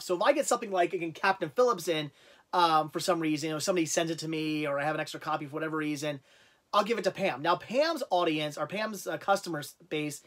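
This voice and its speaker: A man's voice: high-pitched, fairly bright tone. A man hosting a casual livestream, talking in a rambling way with lots of fillers and repeated words. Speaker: livestream host.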